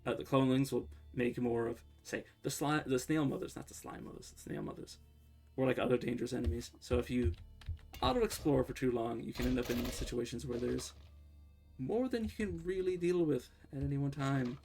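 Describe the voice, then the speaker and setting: A man streaming a game, talking through his play in a loose, rambling way and often correcting himself mid-sentence. His voice has a gravelly, creaky edge, with faint music and keyboard typing behind him. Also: medium pitch, lively intonation, a little fast, a little mellow. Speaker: livestreamer playing a game. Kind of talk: casual gameplay commentary.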